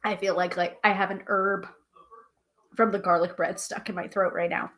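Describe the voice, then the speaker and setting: A woman's voice: medium pitch, level tone, a bit bright. Chatty woman hosting a live tarot stream. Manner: chatty, self-deprecating, reads aloud from a guidebook with halting pronunciation. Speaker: tarot reader and livestream host. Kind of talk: casual live-stream chat and card reading.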